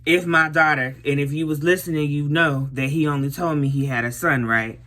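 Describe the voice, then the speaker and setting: A woman's voice: sits low, fairly even intonation, fairly quick, fairly bright tone. A young woman doing her makeup while telling a storytime in casual, blunt, profane chat. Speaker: vlogger.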